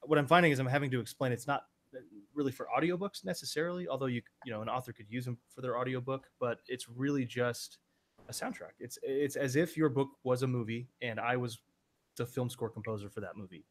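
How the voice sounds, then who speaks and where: A man's voice: medium pitch, fairly even intonation, a little fast. A man with an ordinary mid-range voice talks with easy enthusiasm about his music work and writing. He keeps it loose and conversational. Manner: enthusiastic, casual, says "man". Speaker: author and composer guest. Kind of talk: casual interview chat.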